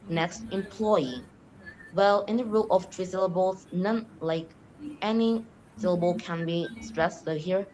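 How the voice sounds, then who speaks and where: A woman's voice: fairly low pitch, poor audio. A young woman, a student, answering spoken exam questions on pronunciation, explaining with frequent "like" and small restarts. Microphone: online call.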